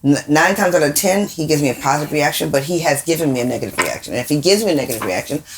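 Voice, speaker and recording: A woman's voice: sits low, lively intonation, very fast, slight background noise. A woman co-hosting a podcast in casual conversation, emphatic, asking pointed questions. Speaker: podcast co-host.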